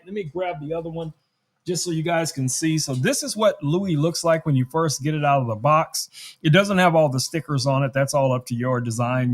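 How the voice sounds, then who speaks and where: A man hosting a casual live-stream tech demo from his studio, chatty and thinking aloud as he works. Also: on the high side. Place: home studio.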